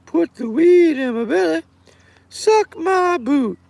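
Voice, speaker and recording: Goofy male glass pipe creature: a squeaky high falsetto drawn out in a silly chant. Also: expressive, takes it slowly, vocal fry, darkish tone, no room sound, full character voice.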